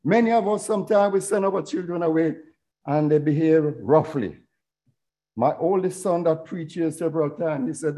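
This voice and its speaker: A man's voice: fairly high pitch, moderate pace, mellow, poor audio. A middle-aged man preaching a sermon, retelling a parable as a story and quoting scripture.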